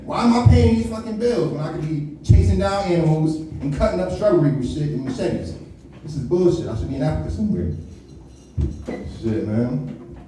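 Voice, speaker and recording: Male stand-up comic, slangy, swearing, mock impressions, dark tone, far from mic, heavy room echo. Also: on the high side, expressive, moderate pace, a little hiss or hum. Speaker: stand-up comedian. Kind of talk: live stand-up set. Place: comedy club stage. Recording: echoey venue picked up from a distance.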